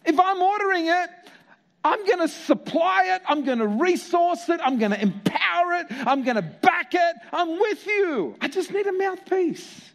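A man's voice: extremely high pitch, expressive, moderate pace, pitched above the performer's own voice. A man voicing God as a reassuring, commanding male figure, emphatic and repeating his phrases. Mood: insistent.

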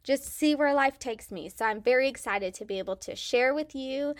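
A woman's voice: high-pitched, moderate pace, no room sound. A woman from Kansas with a faint Southern twang, co-hosting a podcast in an enthusiastic, chatty way with frequent "um"s. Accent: Kansas with a slight Southern twang. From Kansas, USA. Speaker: podcast co-host, childcare specialist. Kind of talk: casual podcast monologue. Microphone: podcast microphone.

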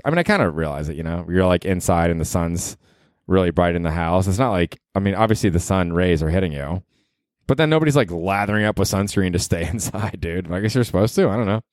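A man talking through a casual solo podcast, wandering from story to story, dropping swear words and chuckling at himself. His voice sits fairly low, and the sound is dry and close, with no room around it. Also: a little mellow, smooth, no echo. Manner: rambling, swears casually, laughs at own jokes. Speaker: podcast host.

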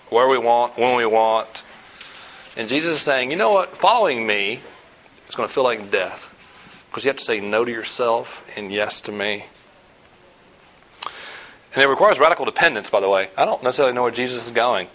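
A man preaching a sermon in an earnest, conversational way, asking the listeners questions and hitting key words with sudden loud emphasis. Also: medium pitch, low-quality recording. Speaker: pastor.

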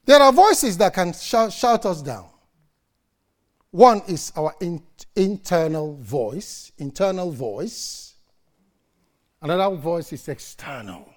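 Preacher man, dramatic sermon delivery, slow paced, loud-to-soft swings. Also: sits high, lively intonation. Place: church service.

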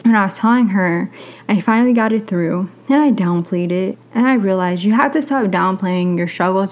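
A young adult woman hosts her own podcast in a candid, conversational way, telling a personal story. Her voice sits in an ordinary middle pitch, and she lively acts out what other people said. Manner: candid, animated storyteller acting out quoted voices. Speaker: podcast host.

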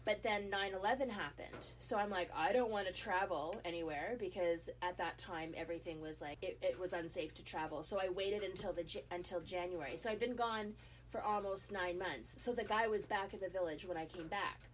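A woman's voice: fairly low pitch, a little fast. A middle-aged woman, a guest on a talk show, telling a story in a casual way with lots of fillers and restarts. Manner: lively, with frequent fillers and restarts.

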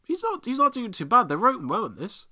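A British man with an excitable, sweary manner, giving casual commentary while watching an episode. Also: extremely high pitch, fast. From Britain. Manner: excitable, swears freely, reacts aloud. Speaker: podcast host.

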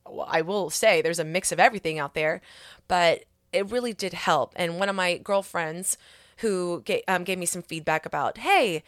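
A woman's voice: on the low side, normal speed, no room sound, clean studio sound. A woman hosting her own podcast in casual solo chat, rambling and candid with many asides, earnest and encouraging. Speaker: podcast host.

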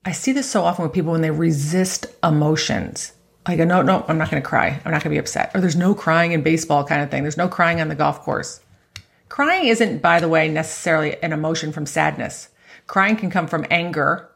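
With a deep, creaky voice at a moderate pace, this woman coaches golfers on handling their emotions. Her motivational talk is conversational and chatty; she laughs readily, tags points with "right?", and performs inner voices in quotes.

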